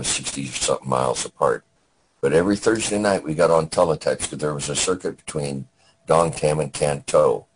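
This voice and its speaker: An older man, a veteran guest, telling his war memories in a halting, plainspoken way with many restarts. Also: a bass voice, slight background noise, low-quality recording.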